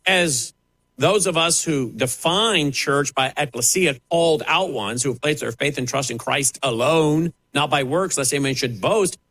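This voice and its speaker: A male commentator delivers sarcastic, pointed critique, his pitch climbing and swooping with every jab. His voice sits a little high and the sound is close and dry, with soft music faintly underneath. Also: dry recording, rough recording. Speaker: radio commentator. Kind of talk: opinion commentary.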